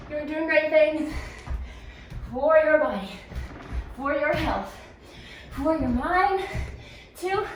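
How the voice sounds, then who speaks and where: A woman leading a follow-along home workout, cueing moves, counting down and encouraging, a little out of breath at times. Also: high-pitched. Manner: encouraging cues with counting and laughs. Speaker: fitness instructor. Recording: very echoey room, distant mic, faint noise.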